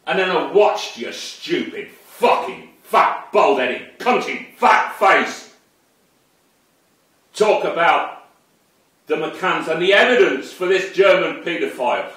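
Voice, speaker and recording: A man's voice: a little high, lively intonation, unhurried, fairly bright tone. Furious man, echoey and distant. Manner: angry, profane, accusing. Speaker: online commentator. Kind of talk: unscripted rant to camera. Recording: very echoey room, far from the mic.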